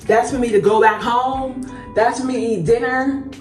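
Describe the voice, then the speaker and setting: A young woman vlogging a story while doing her makeup, animated and swearing freely, calling her viewers y'all. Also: fairly high pitch, normal speed, far from the mic. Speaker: beauty vlogger. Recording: roomy echo, voice a bit off-mic, faint music behind.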